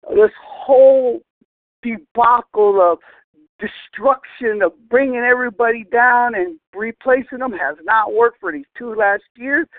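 A man's voice: extremely high pitch, dry recording. A man calling in to a fan show, ranting and cursing in frustration. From Southern California. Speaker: caller. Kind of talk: angry voicemail rant. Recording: tinny phone line, dry.

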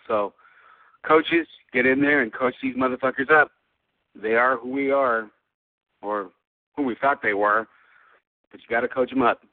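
Profane fan ranting over a tinny phone line. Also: male voice, on the low side, no room sound. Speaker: fan caller.

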